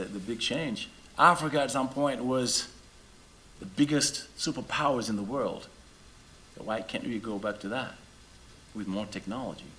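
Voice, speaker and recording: A Senegalese musician in middle age, not a native English speaker, chats lively with the crowd between numbers, tossing out one rhetorical question after another. His voice sits in the middle range.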